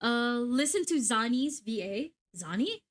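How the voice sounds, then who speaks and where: A young woman livestreaming a game, chatting excitedly and swearing casually at her gear. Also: fairly high pitch, measured pace. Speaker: VTuber streamer.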